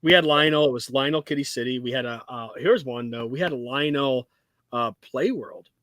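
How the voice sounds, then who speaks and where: A man co-hosting a casual podcast chat, an animated storyteller who swears freely and breaks into loud outbursts. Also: medium pitch, moderate pace, dry recording. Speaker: co-host.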